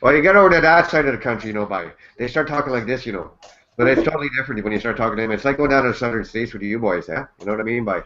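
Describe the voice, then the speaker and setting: A man's voice: mid-range voice, lively intonation, rapid-fire, pushed and bright, muffled recording. A Canadian man co-hosting a casual chat, rambling, joking and swearing freely. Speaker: co-host.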